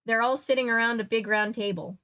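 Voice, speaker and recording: A woman's voice: on the high side, steady tone, brisk, sharp tone. Chatty young woman reading aloud. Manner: chatty, joking asides. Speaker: streamer reading a kids' book. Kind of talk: casual read-aloud with chat asides.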